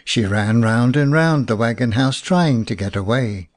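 Male audiobook narrator, slow, very lively pitch, dry close sound. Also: dry recording. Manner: slow, expressive storytelling.

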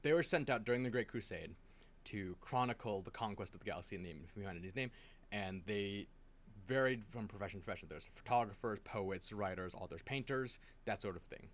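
A man casually retelling a long story to a friend, rambling with restarts and quick acted quotes. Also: lowish voice, animated. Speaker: lore explainer.

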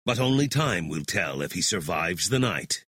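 A man narrating a true-crime podcast from a script, dropping low on ominous phrases. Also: sing-song, moderate pace, a bit bright, husky. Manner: dramatic, with deep drops on ominous phrases. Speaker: narrator and host.

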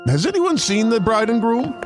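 A solemn, very high wedding minister. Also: male voice, sing-song, moderate pace. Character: pompous male wedding minister. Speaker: wedding officiant in an ad. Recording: ad with music behind. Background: music.

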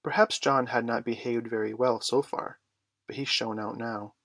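A man reading a children's story aloud in an even, measured way. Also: mid-range voice, no room sound, studio quality. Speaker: audiobook reader. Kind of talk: storybook narration.

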